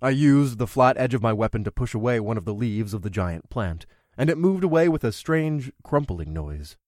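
A man's voice: medium pitch, lively intonation, moderate pace, darkish tone, no room sound, clean studio sound. A man narrating a first-person fantasy audiobook in a wry, conversational way.

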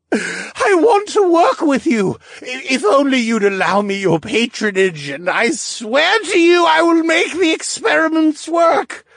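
A man's voice: very high voice, gravelly, a bit bright, no echo, clean studio sound, voice pushed up, full character voice. A man voicing a lovesick, clumsy young scientist who gushes dramatically. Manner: giddy, gushing and dramatic.

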